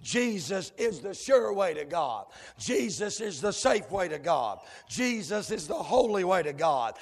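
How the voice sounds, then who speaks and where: A male preacher delivering a fiery sermon in rhythmic cadences, dotted with amens and sudden shouted whoops. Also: sits high, very animated, a little slow, husky. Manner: rhythmic cadences punctuated with amen. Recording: long hall reverb.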